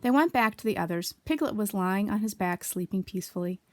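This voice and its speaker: A woman reading a children's story aloud, expressive, with asides to young listeners. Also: mid-range voice, fairly quick, no room sound. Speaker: storybook reader.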